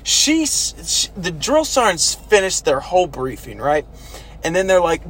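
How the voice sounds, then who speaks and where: A man casually telling stories from basic training, animated and swearing, now and then shouting out quoted orders. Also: sits high, a little slow. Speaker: former army recruit telling stories. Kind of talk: casual storytelling chat.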